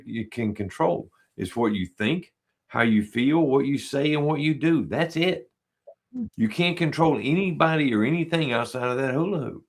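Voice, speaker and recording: A man talking casually as a podcast guest, telling stories in a relaxed way and voicing the lines he quotes. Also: lowish voice. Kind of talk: casual conversation.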